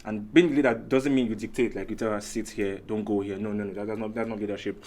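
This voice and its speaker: A man's voice: on the low side, racing. A man, a guest on a casual talk show, speaking animatedly and acting out the lines he quotes. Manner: animated, acts out quoted lines, repeats himself. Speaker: guest panelist. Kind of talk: casual panel chat.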